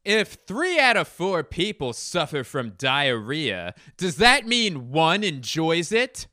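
A man's voice: on the high side, big pitch swings, slow pace, pushed and bright, dry recording, clean studio sound, voice pushed up, exaggerated voice. A man doing an impression of a boyish, fussy male comedian, with a prim, sing-song stand-up delivery. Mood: mock-earnest.

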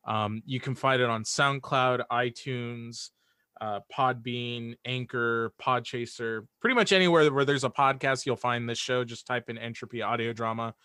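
A man's voice: medium pitch, normal speed, bright, forceful tone, smooth, dry recording, clean studio sound. A man guest on a podcast talking in casual chat, hesitant with lots of restarts. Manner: hesitant, many restarts and fillers. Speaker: guest, audio drama writer.

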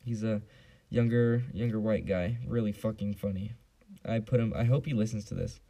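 Young man from San Diego hosting a solo podcast: low, mellow voice, rambling and profane. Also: steady tone, normal speed. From San Diego area, US. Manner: rambling, profane, frequent fillers. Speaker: podcast host. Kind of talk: casual solo podcast rant.

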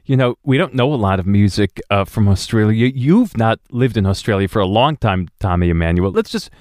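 A man's voice: lowish voice, expressive, brisk, darkish tone, no echo, clean studio sound. A man hosting an interview, chatting casually with frequent stammered restarts. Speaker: interviewer host, cellist. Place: rural home.

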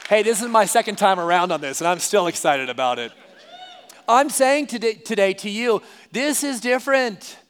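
A man's voice: high-pitched, animated, normal speed, fairly bright tone, a faint crowd, a little hiss or hum. A man preaching a sermon to his church, speaking conversationally and repeating key phrases for emphasis. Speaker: pastor. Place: church service.

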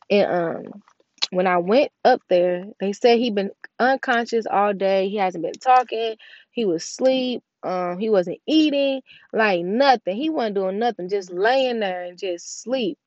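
A woman's voice: mid-range voice, no room sound. Young woman, casual heartfelt storytelling, talks to her viewers, dull dry sound. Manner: conversational, emotional, speaks straight to her viewers. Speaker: storyteller sharing a personal story.

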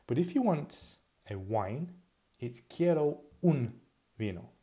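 A man teaching a recorded language lesson, drilling words slowly and repeating them, chatty and a little self-deprecating. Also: mid-range voice, very animated, mellow. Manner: slow, repetitive drilling with pauses for practice.

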